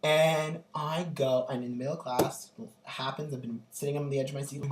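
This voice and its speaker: A young man vlogging casually, telling an animated, gushing story full of ums and likes. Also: medium pitch, normal speed, very noisy. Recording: echoey room, distant from the mic.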